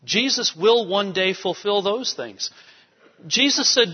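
A man preaching a sermon to a congregation, emphatic and animated, with asides to the people in the pews. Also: high-pitched, unhurried, breathy edge. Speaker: pastor. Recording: dull sound in a reverberant hall.

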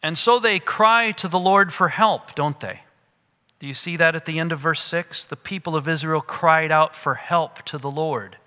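Bright-voiced preacher man in a hall. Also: on the high side, moderate pace, smooth. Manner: animated preaching, drops to a hush for emphasis. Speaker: pastor. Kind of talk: sermon.

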